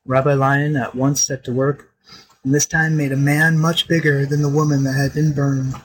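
A man narrating a folk tale in a steady, expressive reading. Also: medium pitch, moderate pace, rough recording. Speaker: storyteller. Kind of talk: scripted storybook narration.

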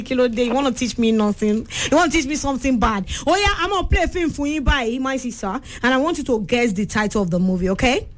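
A woman with a Nigerian accent hosting a call-in radio game show, chatty and teasing, switching between languages. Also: on the high side.

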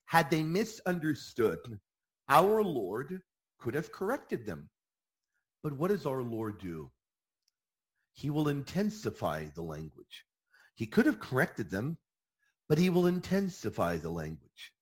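A man hosting a Catholic radio program, answering listener questions with emphatic, energetic teaching and mock objector voices. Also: medium pitch, slow pace, pauses often, breathy edge. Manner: emphatic, animated, repeats key phrases with bursts of enthusiasm.

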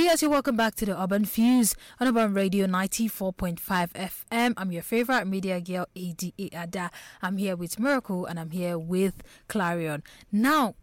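A woman's voice: mid-range voice, no room sound. Bubbly young Nigerian radio host woman. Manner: bubbly, playful, hyping up guests. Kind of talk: lively radio show chat. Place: radio studio.

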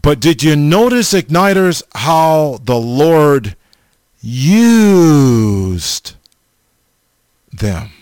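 Slow, halting male preacher. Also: fairly high pitch, big pitch swings, darkish tone, smooth, no room sound. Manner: slow, halting, repeats the audience name often. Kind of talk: informal sermon.

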